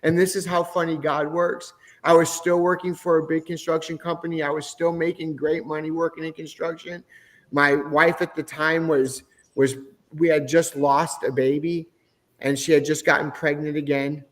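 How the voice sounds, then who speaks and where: A man's voice: a little high, level tone, moderate pace. A middle-aged man, a podcast guest, telling his personal faith testimony in an earnest, emotional way. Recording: long hall reverb.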